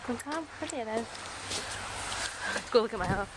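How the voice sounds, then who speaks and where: A woman's voice: a little high, lively intonation, normal speed. A young woman chatting casually to her camera while out in the snow after a storm, now and then cooing at her pets. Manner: chatty, talks baby talk to pets. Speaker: vlogger. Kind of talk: casual handheld vlog. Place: outdoors in snow. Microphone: handheld camera. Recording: noisy outdoor camera audio.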